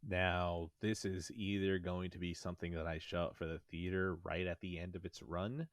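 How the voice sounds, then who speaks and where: A man's voice: sits low, fairly bright tone, dry recording, studio quality. A man co-hosting a podcast in casual chat, speaking bluntly and emphatically, with casual swearing. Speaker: podcast co-host.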